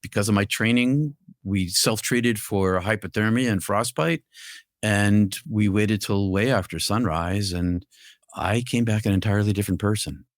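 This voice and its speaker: A man's voice: lowish voice, normal speed, no echo, clean studio sound. A man, a podcast guest, earnestly telling a vivid personal story in a casual talk.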